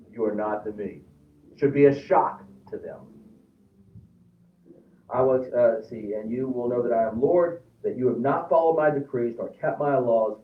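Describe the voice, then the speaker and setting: Man teaching Bible class, distant and tinny. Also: mid-range voice. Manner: animated, repeats words when restarting, reads scripture aloud. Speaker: Sunday school teacher. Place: church classroom. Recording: roomy, distant, phone-like lo-fi room recording.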